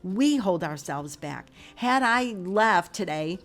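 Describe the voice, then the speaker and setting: A woman's voice: mid-range voice, animated, takes it slowly, a bit bright, faint music behind. A middle-aged woman and spiritual life coach, telling a story in a chatty, casual way and acting out both sides of the conversation. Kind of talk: casual motivational monologue.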